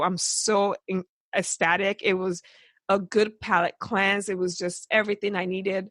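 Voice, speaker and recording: Excitable woman podcast host. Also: medium pitch, dry recording. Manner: excitable and effusive, laughing often. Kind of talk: casual chat.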